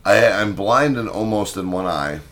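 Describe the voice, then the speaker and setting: A young man with a lowish voice co-hosts a casual podcast, telling a mishap story full of swearing. He jumps into loud, animated bits when he acts out his own past lines. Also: moderate pace. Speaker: podcast co-host.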